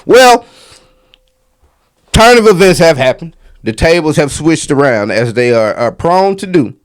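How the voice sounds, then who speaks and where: A man's voice: fairly high pitch, very animated, unhurried. A man hosting a casual commentary monologue, rambling and conversational with plenty of asides. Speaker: commentary channel host.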